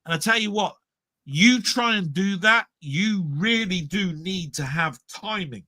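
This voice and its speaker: A man's voice: high-pitched, a little slow, no room sound. A middle-aged Englishman, rambling in casual podcast chat about old comedy. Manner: rambling, animated impressions of comedians. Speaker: podcast co-host. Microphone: live stream mic.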